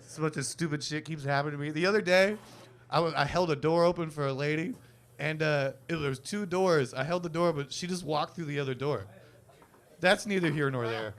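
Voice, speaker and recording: A man in his twenties hosting a live stand-up comedy show on a club stage, doing self-mocking, deadpan crowd work into a handheld mic. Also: fairly high pitch, fairly quick. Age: 20s.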